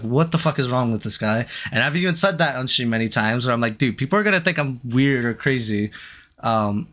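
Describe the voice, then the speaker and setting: Hesitant man giving a halting apology. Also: medium pitch, fairly bright tone. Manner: hesitant, halting, many restarts and fillers. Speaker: streamer. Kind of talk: apology stream.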